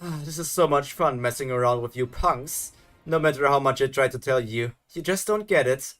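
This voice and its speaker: Man voicing a mocking cartoon villain, gloating, sing-song taunts, sharp tone, faint music. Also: mid-range voice, normal speed, natural voice. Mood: taunting. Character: gloating male villain who toys with captives. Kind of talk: animated series dub.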